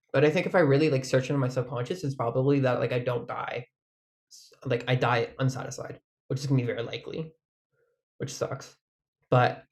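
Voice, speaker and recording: A man vlogging in a casual, rambling monologue, full of "like", swearing and frequent laughs. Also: medium pitch.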